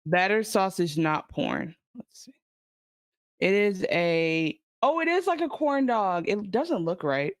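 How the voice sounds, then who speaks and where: A woman's voice: medium pitch, lively intonation, slow, dry recording. A woman co-hosting a casual podcast, discussing a TV episode in a chatty, thinking-aloud way. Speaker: podcast co-host. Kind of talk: casual TV recap chat.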